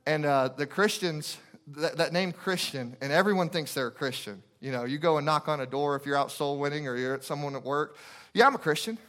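Male guest preacher, higher-pitched, fervent sermon delivery full of repeated phrases and questions. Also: fairly even intonation, fairly quick, a bit bright. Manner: impassioned, repetitive preaching with rhetorical questions.

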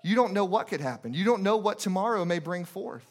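A male preacher with a fairly high voice delivers an urgent sermon, repeating short phrases for emphasis. He moves between quiet storytelling and forceful appeals. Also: lively intonation, a little fast.

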